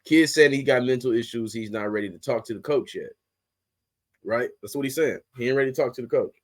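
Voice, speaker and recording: A young man rants as a sports podcast host, cussing freely and pushing his voice up when he gets worked up. His pitch sits in an ordinary middle range, and his delivery is blunt and heated throughout. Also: brisk. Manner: heated, blunt, heavy swearing, rising to outbursts. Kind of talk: profane ranting commentary.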